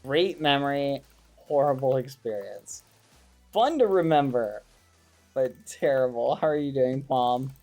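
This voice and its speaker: A man streaming a game, chatting casually and excitedly with his viewers and using wholesome exclamations instead of swearing. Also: medium pitch, unhurried, soft background music. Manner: excitable, talks to his chat. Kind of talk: casual gaming livestream chat.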